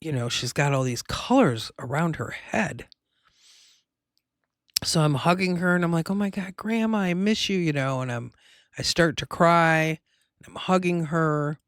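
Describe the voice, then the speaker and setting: A woman's voice: low-pitched, smooth, dry recording, studio quality. A woman hosting her own show, telling a personal story in a rambling, emotional way with many fillers. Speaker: host.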